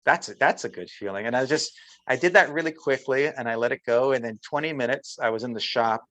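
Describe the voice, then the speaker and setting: A man's voice: medium pitch, brisk, pushed and bright, no echo, low-quality recording. A man as an interview guest, telling a personal story in casual chat and voicing the people he quotes. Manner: storytelling, often acting out quotes of others.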